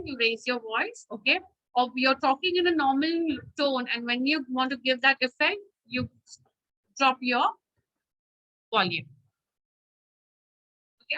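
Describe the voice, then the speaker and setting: A woman's voice: high-pitched, pushed and bright, lo-fi sound. A woman teacher leading an online class, firm and instructive, often checking with "okay?", heard over a video call.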